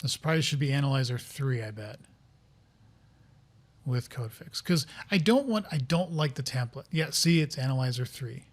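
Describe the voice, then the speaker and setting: A man talking casually to viewers as he sets up a software project, rambling, thinking aloud and getting flustered by interruptions. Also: medium pitch, moderate pace. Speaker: software developer streaming a coding session. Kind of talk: casual live-coding commentary.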